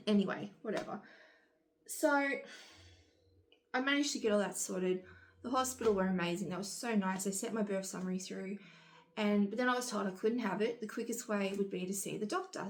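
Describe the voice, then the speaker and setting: A young woman vlogging in a loose, rambling way. She talks casually to her camera at an ordinary middle pitch. Her retellings turn exasperated. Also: a little fast.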